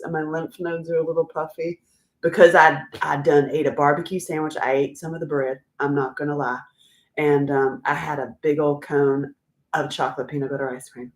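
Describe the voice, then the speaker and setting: A woman in her fifties hosting a casual livestream, rambling and chatty and quick to laugh. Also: low-pitched, reverberant. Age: 50s. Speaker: livestream host and author.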